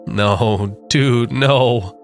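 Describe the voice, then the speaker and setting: A man voicing a frantic young man shouting for help in a creepypasta story reading. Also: medium pitch, drawn-out words, faint music behind, pitched above the performer's own voice. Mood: defeated. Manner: shouting commands in terror. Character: young man trapped in a maze, frantic and panicky.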